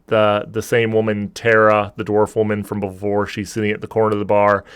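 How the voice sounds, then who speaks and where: A man running a tabletop game as game master, describing scenes with many pauses and restarts. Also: lowish voice, monotone, a bit bright, clear, resonant tone, no room sound. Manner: hesitant, many ums and restarts while describing.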